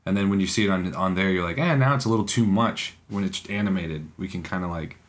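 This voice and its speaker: A man co-hosting a podcast in casual chat, rambling and halting, often breaking into laughs. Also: sits low. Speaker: podcast co-host.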